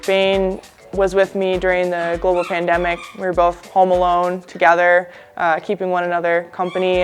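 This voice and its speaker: A young woman from California in a relaxed, chatty interview, full of "you know"s. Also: fairly low pitch. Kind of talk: casual interview talk. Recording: faint music underneath.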